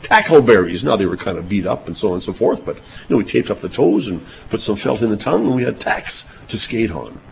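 A man's voice: on the low side, very animated, quick pace, vocal fry, hardly any pauses, highs cut off, slight background noise. An older man preaching a sermon, reading scripture and telling folksy childhood anecdotes with chuckles.

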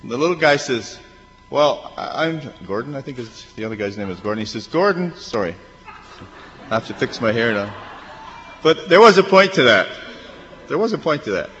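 A man's voice: medium pitch, expressive, brisk, pauses often, a bit bright. Man preaching in an echoing hall. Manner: conversational, asks the congregation questions. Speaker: pastor. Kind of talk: sermon. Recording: dull long-echo hall recording.

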